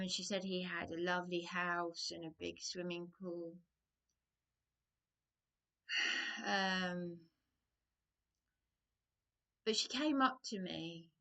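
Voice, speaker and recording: A woman's voice: on the low side, a bit bright. A woman telling a rambling personal story to camera, drifting off on tangents with sighs and hesitations. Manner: digressive, hesitant, sighing. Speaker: vlogger.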